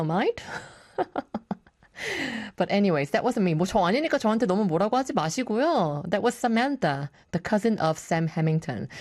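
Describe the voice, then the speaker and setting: A woman hosting a morning radio show, chatting in a bubbly, giggly way and switching quickly between languages. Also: on the low side, no room sound, studio quality. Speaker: radio host. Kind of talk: bilingual radio talk.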